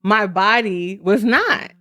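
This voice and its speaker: A woman's voice: medium pitch, animated, slow pace, sharp tone, dry recording. A woman in her thirties co-hosting a podcast, talking candidly and expressively with frequent laughter and casual slang. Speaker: podcast co-host.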